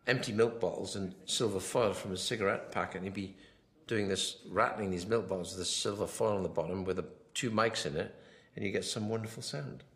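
A film director giving a rambling commentary, full of anecdotes, often quoting himself and others. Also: male voice, on the low side, fairly quick, fairly bright tone.

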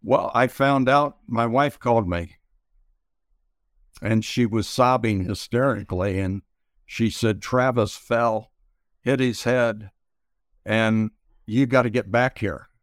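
Slow-talking older man, smooth voice. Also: mid-range voice, no echo, clean studio sound. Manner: halting, many pauses and fillers. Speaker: interview guest, retired pitcher. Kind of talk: slow reflective storytelling.

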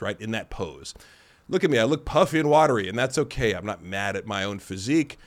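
A man hosting a podcast in casual chat, rambling and self-deprecating, acting out other people's lines as he tells stories. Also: medium pitch. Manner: rambling and self-deprecating, acts out quoted voices. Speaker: podcast host.

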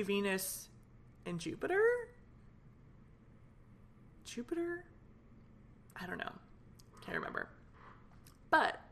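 Young female podcast host, fired-up casual venting, rambly, mid-pitched voice. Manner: fired up, animated, rambling with many fillers.

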